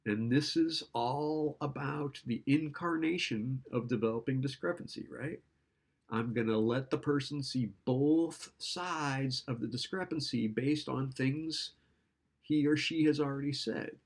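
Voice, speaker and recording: A man's voice: medium pitch, gravelly. A man lecturing in a casual, conversational way, often checking in with "right?" and acting out client and therapist lines. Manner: conversational, keeps asking "right?".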